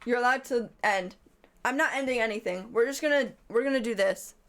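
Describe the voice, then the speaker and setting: Young woman streamer, fairly high voice, giggly, rambling, pokes fun at herself. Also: fairly quick, fairly bright tone. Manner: giggly, rambling and self-mocking. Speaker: livestreamer. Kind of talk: casual livestream chat.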